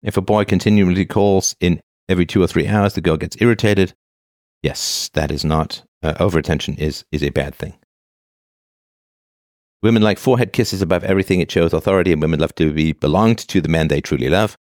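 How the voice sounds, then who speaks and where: A man's voice: deep voice, fairly quick, a little mellow, dry recording, clean studio sound. A man in his fifties casually reading posts aloud and commenting on them, with frequent "uh" and restarts. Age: 50s. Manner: reads a line then comments, with frequent "uh" and restarts.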